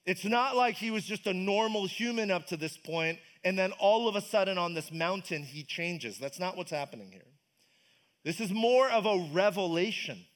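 A man's voice: high voice, a bit bright. A man preaching a casual, enthusiastic sermon at a church service, asking the congregation questions. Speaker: pastor. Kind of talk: conversational sermon.

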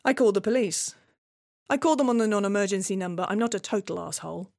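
A woman performing her own scripted dramatic monologue, sardonic and deadpan with frequent swearing. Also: mid-range voice, fast talker, vocal fry, no echo, clean studio sound. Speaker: playwright performer.

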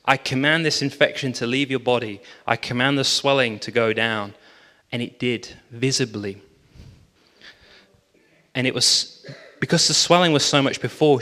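A man preaching as a pastor, telling a story lively with quoted dialogue. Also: mid-range voice. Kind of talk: sermon storytelling. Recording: long reverb of a large hall.

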